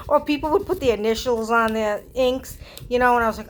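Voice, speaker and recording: A woman chatting casually while she works on a craft project, self-mocking and animated in her asides. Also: high-pitched, measured pace, slight background noise. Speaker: crafter hosting a craft video.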